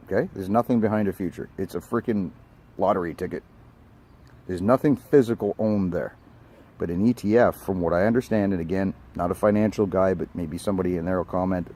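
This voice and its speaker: A man's voice: low-pitched, dark tone. An older man and network engineer delivering a blunt, emphatic rant outdoors by a street, swearing casually as he goes. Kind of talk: ranting vlog monologue.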